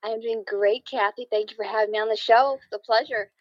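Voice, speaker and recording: A woman's voice: a little high, steady tone, quick pace, no echo, highs cut off. A woman from upstate New York, a singer and live streamer, talking about herself upbeat and enthusiastically as a guest. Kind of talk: casual interview.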